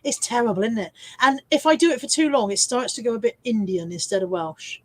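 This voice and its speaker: A woman's voice: a little high, a little fast. An English woman hosting a casual live stream from home, chatting and teasing herself as she reads out viewer comments.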